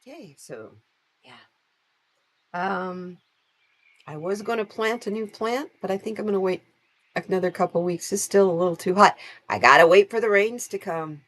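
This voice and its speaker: A woman hosting a casual tarot live stream. She chats warmly with her viewers, greets them by name and laughs often. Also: medium pitch, normal speed, pauses often.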